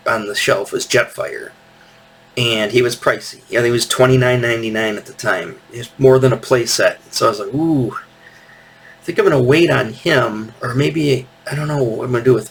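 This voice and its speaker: A man's voice: medium pitch, creaky, fairly bright tone, a little hiss or hum. A man in his fifties telling a rambling, casual story as host of his own show, often correcting himself. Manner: rambling, self-correcting, acts out quotes. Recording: voice distant from the mic.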